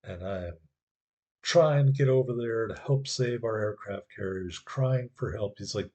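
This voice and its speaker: A man's voice: fairly low pitch, moderate pace, a little mellow. A man giving a sarcastic, wry voice-over commentary on his own gameplay.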